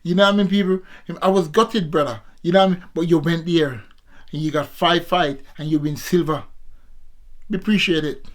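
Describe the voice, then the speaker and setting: His voice is a little high, fairly quick, and fairly even in intonation. A Jamaican ex-amateur boxer around sixty, he delivers a casual vlog monologue to viewers, repeating himself, preaching, and addressing them as people again and again.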